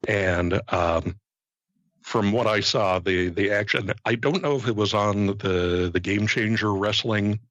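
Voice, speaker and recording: A man co-hosting a casual podcast, rambling and halting with lots of fillers and stutters. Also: on the low side, a bit bright, no room sound. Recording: dull lo-fi sound.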